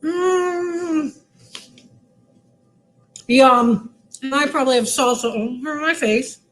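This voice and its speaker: In a library lounge, a woman librarian gives children a cooking demonstration, speaking cheerfully in a sing-song manner. Her voice sits high, a bit bright, at a normal speed.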